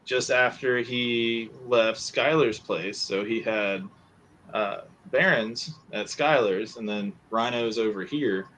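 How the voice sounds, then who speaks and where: A man's voice: mid-range voice, takes it slowly, a bit bright, slight background noise. A man as a podcast guest, easygoing and modest in casual chat.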